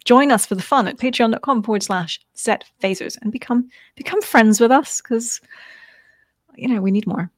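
A woman's voice: a little high, moderate pace, dry recording. Chatty woman co-hosting a podcast. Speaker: podcast co-host. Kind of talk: casual chat.

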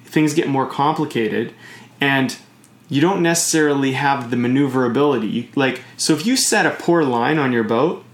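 An easygoing man with a mid-range voice chats at a moderate pace on a casual podcast, meandering and using many fillers. He leans on sailing comparisons, and the room has noticeable echo.

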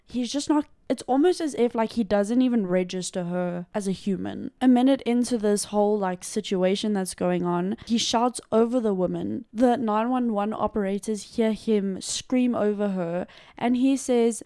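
A woman's voice: a little high, moderate pace, dark tone, no room sound, clean studio sound. A woman co-hosting a podcast, telling a true crime case in a loose, chatty way, full of "like" and casual swearing. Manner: loose and conversational, heavy use of "like" and swearing. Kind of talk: casual storytelling chat.

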